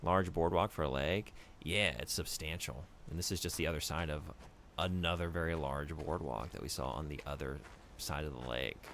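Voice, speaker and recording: A man streaming a video game, casually chatting with viewers in an animated, rambling way. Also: a bass voice, moderate pace, a little hiss or hum. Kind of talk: casual gameplay commentary.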